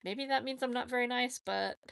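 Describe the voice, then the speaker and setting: A woman's voice: fairly high pitch, brisk, creaky, a bit bright, clean tone, dry recording, clean studio sound. A woman chatting casually on a live stream, answering viewer questions in a blunt, opinionated way and often correcting herself mid-sentence. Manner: frank, with frequent fillers and self-corrections.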